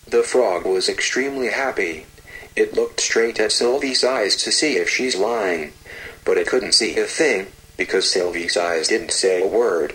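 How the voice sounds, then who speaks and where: Man gently narrating a fairy tale. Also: on the low side, rough recording. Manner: slow, gentle, repetitive storytelling. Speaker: storyteller.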